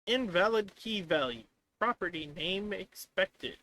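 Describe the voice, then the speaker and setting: A man streaming live while coding, rambling in exasperation and mocking the software by voicing what it says back to him. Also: high-pitched, animated, unhurried. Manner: exasperated, rambling, mocks the software in quoted voices.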